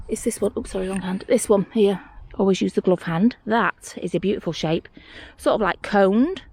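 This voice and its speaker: A woman, giving a casual running commentary outdoors on a hillside, chatty and easily excited by small finds. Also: medium pitch. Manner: chatty, excitable over small finds, talks to herself and the viewer. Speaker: mudlarking vlogger. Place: outdoors on a hillside rubbish tip.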